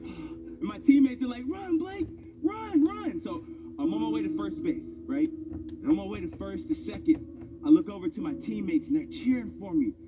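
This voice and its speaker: A man's voice: sits high, far from the mic, background noise. A man in his thirties giving a motivational speech, telling a personal story with emphatic, building delivery. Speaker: motivational speaker. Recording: speech over loud background music.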